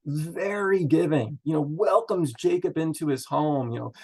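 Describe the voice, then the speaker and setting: A man's voice: fairly high pitch, moderate pace, darkish tone, husky. A man leading a Bible study, chatting through the text in a loose, thinking-aloud way with many fillers. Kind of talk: casual Bible teaching.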